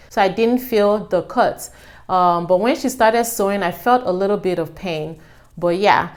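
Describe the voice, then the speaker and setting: Woman, young adult, vlogger, casual storytelling, animated quoting, mid pitch. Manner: animated, acts out quotes with raised pitch. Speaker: vlogger telling her birth story.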